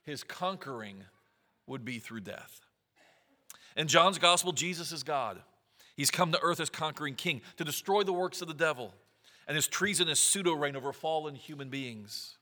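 Male preacher, earnest sermon delivery, sharp bright tone, long hall reverb. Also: on the high side, expressive, normal speed. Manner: earnest, reads scripture aloud with rising emphasis.

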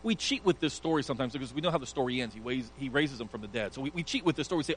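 A man's voice: mid-range voice, lively intonation, very fast, slight background noise, poor audio. A male pastor preaching an earnest sermon, emphatic and sometimes stumbling over restarts.

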